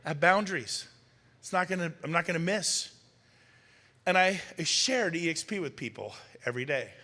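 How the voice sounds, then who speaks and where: Bright-voiced man telling stories on a hall stage. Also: on the high side, animated. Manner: punchy storytelling with quick questions to the crowd. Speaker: motivational speaker. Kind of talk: energetic stage talk to an audience. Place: large hall. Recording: long reverb in a large hall.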